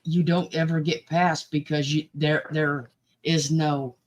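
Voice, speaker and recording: A woman's voice: sits low, little pitch movement, unhurried, slight background noise. A woman co-hosting a casual chat, speaking in a subdued, reflective way. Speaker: panel co-host.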